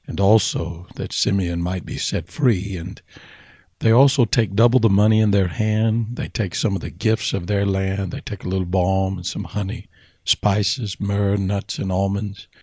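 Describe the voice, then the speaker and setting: A man's voice: low-pitched, steady tone, normal speed, darkish tone, husky, dry recording, studio quality. A man preaching a fervent sermon, retelling a story and building to impassioned calls to his listeners.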